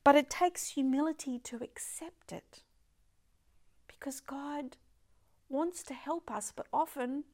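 Older woman, high voice, emphatic devotional speaker who slips into whispers and piles up words of praise. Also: slow pace, long pauses. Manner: emphatic, often drops to a soft whisper. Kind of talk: devotional talk.

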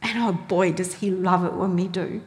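A woman's voice: on the low side, steady tone, moderate pace. A woman preaching a sermon, telling stories animatedly and acting out the voices she quotes. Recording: long hall reverb.

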